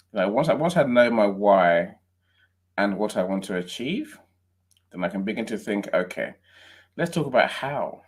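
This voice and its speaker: A man from England speaking as a guest on a video call, friendly and conversational, often saying "you know" and "right". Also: on the low side. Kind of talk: casual talk on a call.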